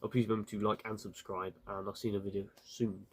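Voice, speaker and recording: A man's voice: on the low side, level tone, fast talker, breathy edge. A man giving a casual, rambling spoken review, full of fillers and restarts. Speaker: video reviewer.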